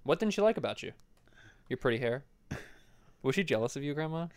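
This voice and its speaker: A man's voice: mid-range voice, big pitch swings, a little fast, a little mellow, no echo. A man hosting a podcast, chatting casually and teasing his grandmother. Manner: teasing, joking. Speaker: podcast host. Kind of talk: casual chat.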